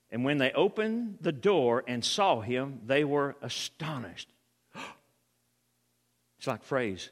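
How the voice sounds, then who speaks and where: A man preaching a sermon, acting out reactions with sudden shouts. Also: medium pitch, long reverb tail.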